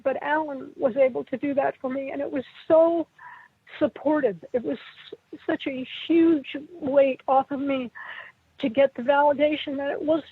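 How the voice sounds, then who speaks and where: A middle-aged woman recalling personal memories as an interview guest, halting and emotional, sometimes tearful. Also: high voice, steady tone, no echo. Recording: tinny phone-like line.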